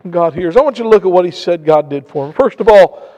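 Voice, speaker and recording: A pastor from Indiana delivers a sermon in a strikingly high voice. He drops to hushed, low passages, then rises to loud, slow, emphatic preaching. The sound carries the long reverb of a large hall. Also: animated.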